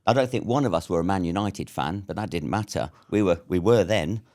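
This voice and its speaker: A man's voice: low-pitched, a little fast, darkish tone. A British man in his fifties telling a war story as an interview guest, blunt and swearing freely. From Britain.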